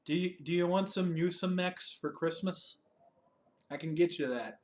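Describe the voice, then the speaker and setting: A man's voice: high voice, normal speed, a little hiss or hum. A man co-hosting a casual chat reviewing a TV special, laughing often, swearing and joking at his own expense. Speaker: podcast co-host.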